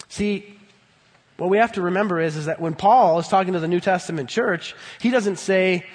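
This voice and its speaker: Man, 30s, pastor, high voice, emphatic sermon delivery, church hall echo. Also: brisk, breathy edge. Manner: emphatic, swings from loud bursts to low earnest tones. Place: church sanctuary. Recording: long hall reverb.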